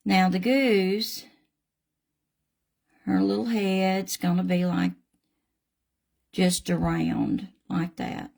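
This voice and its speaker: Slow-talking southern lady chatting w/ viewers while she paints, gravelly voice. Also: mid-range voice, darkish tone. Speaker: craft channel host. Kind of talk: live craft tutorial chat.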